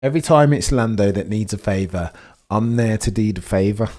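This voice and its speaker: A man's voice: fairly low pitch, fairly quick, darkish tone, natural voice. A man voicing an irritated male racing driver grumbling dismissively over team radio. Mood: fed-up.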